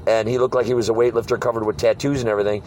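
A man's voice: mid-range voice, very fast, slight background noise, low-quality recording. A man, a street preacher, leads a casual group talk and tells stories, often acting out the hecklers he meets. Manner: animated storyteller, mimics hecklers. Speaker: street preacher leading a discussion.

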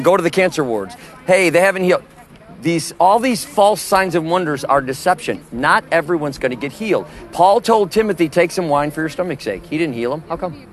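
Emphatic street preacher, a man, slightly high. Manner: emphatic, forceful, quizzes listeners with questions. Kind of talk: outdoor street preaching in conversation.

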